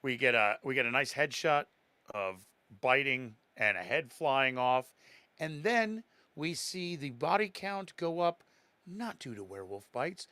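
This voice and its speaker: A man's voice: medium pitch, unhurried, no room sound. A man co-hosting a podcast, chatting casually about a horror film and laughing as he acts out lines. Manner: laughing, animated retelling with acted-out quotes. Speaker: podcast co-host. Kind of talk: casual chat.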